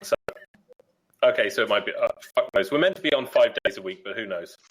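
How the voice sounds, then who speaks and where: A man's voice: mid-range voice, very animated, fast, a bit bright, rough recording. A man guesting on a casual podcast chat, talking in a laid-back, self-deprecating way.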